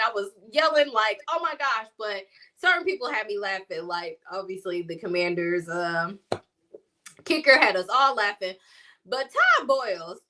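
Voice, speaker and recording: A woman's voice: medium pitch, pushed and bright. A woman co-hosting a sports talk show, chatting casually and rambling, often laughing as she talks.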